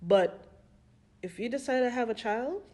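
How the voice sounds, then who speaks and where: Animated woman telling personal stories. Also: fairly high pitch, a little slow. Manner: animated storytelling, acting out quoted voices with laughs. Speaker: podcast co-host. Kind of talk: casual podcast discussion.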